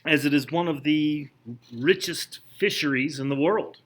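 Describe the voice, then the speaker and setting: A man's voice: on the high side, a little slow, a bit bright. A man teaching a history class, lecturing conversationally and asking his students questions as he points things out. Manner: conversational, asks the class questions, frequent restarts.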